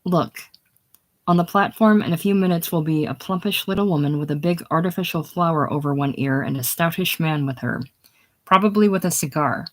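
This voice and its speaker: An emotional, determined grown woman urges and pleads with earnest insistence, as a reader voices her in a casual play reading. The voice sits at an ordinary middle pitch. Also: brisk, close to an everyday voice, low-quality recording. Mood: pleading.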